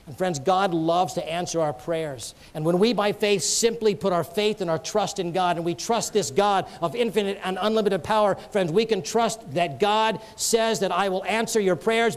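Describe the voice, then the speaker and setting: A man with a high voice delivers a sermon. He preaches earnestly, tells stories and joins in with light jokes for the congregation. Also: normal speed.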